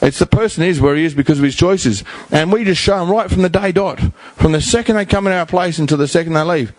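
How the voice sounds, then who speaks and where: Bluntly addressing a community forum, a middle-aged Australian who founded a rehab house speaks emphatically in plain slang, repeating himself for effect. His high-pitched voice is animated and fast, with hardly any pauses, and there's no room sound.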